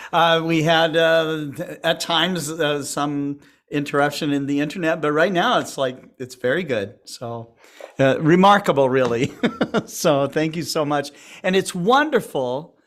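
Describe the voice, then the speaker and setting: A man with a fairly high, smooth voice hosts an online event. He speaks very slowly, pausing with fillers between his words. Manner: slow, warm thanks with fillers. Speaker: host.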